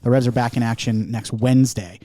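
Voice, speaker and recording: A man's voice: medium pitch, steady tone, a little fast, mellow. A man hosting a podcast, rambling through a casual chat with fillers and self-deprecating asides. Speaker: podcast host.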